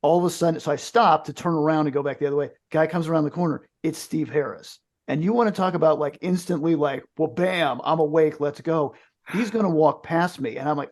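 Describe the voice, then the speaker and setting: A man's voice: on the high side, a little fast, darkish tone. A man from the United States, a podcast co-host, telling a jokey story in casual chat.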